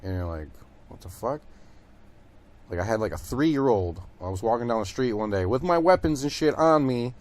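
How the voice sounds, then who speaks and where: A man's voice: mid-range voice, darkish tone. Give me a young man from Detroit hosting his show, rambling and swearing through his stories. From Detroit, USA. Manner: profane, rambling storytelling with many fillers. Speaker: podcast host. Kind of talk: casual monologue.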